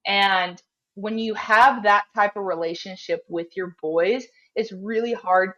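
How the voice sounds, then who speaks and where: A woman's voice: mid-range voice, a bit bright, lo-fi sound. A young woman from Canada, a strength coach, chatting in an upbeat, casual way. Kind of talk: casual interview chat.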